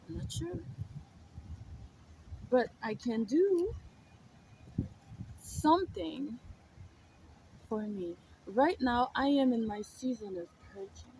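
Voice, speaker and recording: A woman in her thirties talks slowly through a casual spiritual monologue, her voice sitting a little high. She drifts from hushed whispers into emphatic declarations, and room ambience is clearly audible behind her. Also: animated, a little hiss or hum, rough recording. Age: 30s. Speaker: spiritual content creator.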